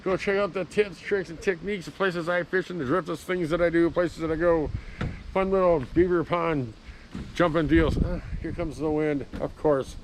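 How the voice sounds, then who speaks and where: A man's voice: fairly high pitch, fairly even intonation, moderate pace, a little hiss or hum, low-quality recording. A man sitting in his parked truck, rambling through an easygoing, casual vlog outro. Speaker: fishing vlogger.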